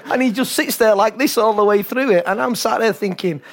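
Older English man, football coach, lively raconteur; slightly high voice, chatty interview guest. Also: fairly quick. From England. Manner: animated storyteller, laughs often, acts out voices. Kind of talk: talk-show interview.

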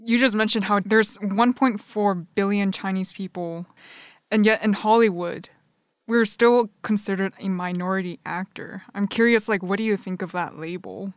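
A woman hosting an interview, asking measured, curious questions. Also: medium pitch, fairly even intonation, dry recording, clean studio sound. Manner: measured, inquisitive. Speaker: interview host.

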